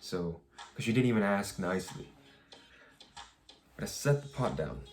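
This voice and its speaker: A man's voice: on the low side, lively intonation, normal speed, a little mellow. A young man telling a rambling, frustrated story about work in a casual vlog, with many restarts and some swearing. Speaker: vlogger.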